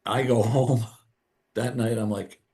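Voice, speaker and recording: A podcast guest with a medium-pitched voice tells a story casually and unhurriedly. He's animated, acting out the quoted dialogue as he goes.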